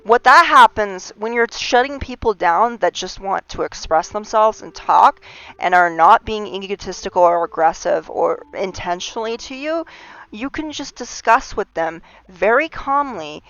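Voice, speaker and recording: A woman's voice: mid-range voice, expressive, moderate pace, fairly bright tone. A woman hosting a livestream, talking in an earnest, impassioned monologue full of restarts and rising emphasis. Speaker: livestream host. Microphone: streaming mic. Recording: slightly dull lo-fi stream audio.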